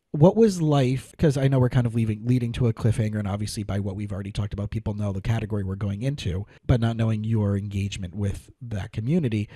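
A man's voice: lowish voice, mellow, dry recording, clean studio sound. A man hosting a podcast, chatting eagerly with lots of fillers and restarts. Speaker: podcast host. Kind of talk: casual interview chat.

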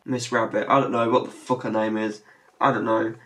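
A woman's voice: very deep voice, level tone, brisk. A woman hosting a reaction video who keeps breaking into helpless laughter and swears as she reacts. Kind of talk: casual reaction commentary.

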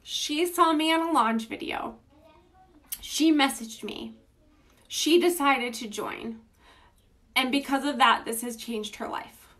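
A woman with a slightly high voice hosts a casual phone livestream, talking straight to her viewers. She sounds gushing and informal, full of enthusiasm as she greets people by name. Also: slow, long pauses, fairly bright tone. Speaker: beauty business livestream host.

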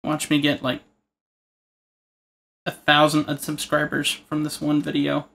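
A man's voice: a little high, monotone, measured pace, creaky, pauses often, a bit bright. Man rambling jokingly while drawing. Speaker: art tutorial host. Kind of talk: casual narration while drawing.

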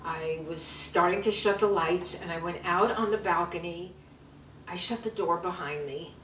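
A woman's voice: lowish voice, unhurried, fairly bright tone. A chatty woman in her seventies tells a story from home, repeating herself and laughing nervously. Her voice sits a little back from the mic in a roomy space. A faint hiss runs underneath. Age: 70s. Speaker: vlog host. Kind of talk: casual storytelling. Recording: roomy sound from a distance, faint noise.

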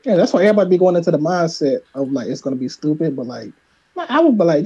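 A man's voice: a little high, expressive, fast, warm tone, slightly rough, dull audio. A man with a Philadelphia accent co-hosting a casual review chat, rambling with lots of restarts and fillers. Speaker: podcast co-host.

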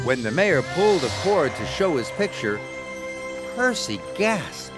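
Brief: male narrator, slow and animated, fairly high voice, music under the narration. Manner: gentle, expressive storytelling. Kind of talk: scripted storybook narration. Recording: narration over background music.

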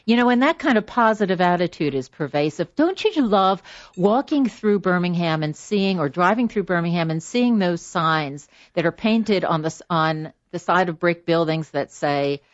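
Upbeat radio hostess. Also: female voice, fairly low pitch, lively intonation, normal speed, few pauses, dry recording. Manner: upbeat, laughs often. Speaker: radio talk show host. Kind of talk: casual radio chat. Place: radio studio. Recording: dull, dry studio sound.

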